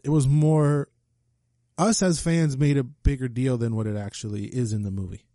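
A man's voice: mid-range voice, steady tone, moderate pace, warm tone, no echo. A man chatting casually about a movie, laid-back and profane, dropping Spanish slang. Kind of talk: casual film chat.

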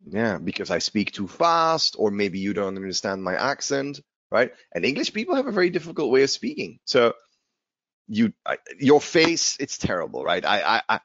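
Animated guy teaching english, repeats stuff a lot, tosses in spanish bits, kinda lo-fi dry audio. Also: medium pitch, moderate pace, no room sound. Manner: animated, repeats key words, slips in Spanish asides. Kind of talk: informal language lesson.

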